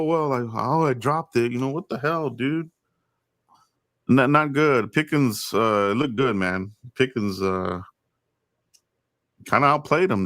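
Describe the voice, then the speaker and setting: A man's voice: mid-range voice, a bit bright, no echo, studio quality. A man hosting a casual sports podcast, loose and chatty, laughing often and restarting his sentences. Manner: loose, laughing, stammering restarts, hype asides. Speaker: podcast host.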